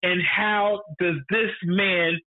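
Emphatic high-voiced man, tinny line. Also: little pitch movement, slow. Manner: emphatic, repeats points for effect, swears freely. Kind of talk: casual film discussion. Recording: tinny phone-like sound.

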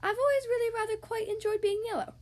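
A cheerful little man from a children's storybook, as a woman reads him aloud. He sounds bright, eager and high-pitched. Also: steady tone, fast talker. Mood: cheery.

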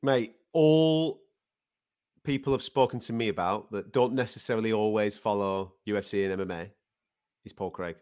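Animated man chatting about fights. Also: fairly low pitch, moderate pace, clean tone. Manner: animated, swears casually, acts out quotes. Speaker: podcast co-host. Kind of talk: casual sports chat.

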